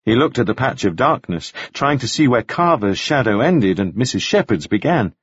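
A man narrating a novel in measured, expressive storytelling. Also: mid-range voice, slightly rough, dry recording, muffled recording. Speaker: audiobook narrator. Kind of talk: scripted narration.

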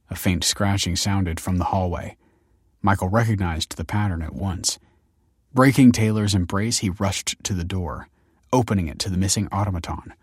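Brief: male narrator, measured storybook delivery, low voice, dry close sound. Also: a little mellow, no room sound. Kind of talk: scripted audiobook narration.

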